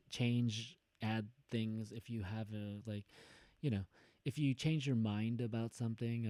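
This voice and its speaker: A man with a fairly low, warm voice talks students through an assignment. His delivery is casual and rambling, with frequent mid-sentence corrections. The recording is close and dry. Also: no room sound. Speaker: teacher.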